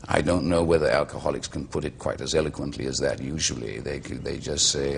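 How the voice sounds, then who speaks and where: A middle-aged Welsh man and actor, telling stories in a slow, measured, eloquent way as a talk show guest. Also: extremely low pitch, fairly even intonation, gravelly, slight background noise. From Wales.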